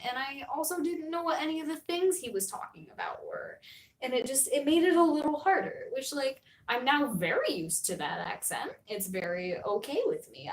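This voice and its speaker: A woman's voice: a little high, reverberant. A young American woman streaming, chatting casually in a rambling way, full of fillers and laughs. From United States.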